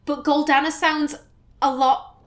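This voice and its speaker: A woman's voice: sits high, flat delivery, measured pace, a bit bright. A woman with a Northern English accent, chatting and musing aloud as she plays a game. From Northern England. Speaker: let's play host. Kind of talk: gameplay commentary.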